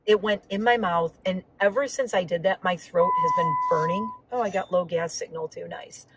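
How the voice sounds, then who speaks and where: A woman's voice: medium pitch, moderate pace. Woman, vlogger, casual rambling chat, slightly sore throat, inside a car, faint road hum. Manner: rambling, chatty, frequent asides. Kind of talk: casual chat while driving.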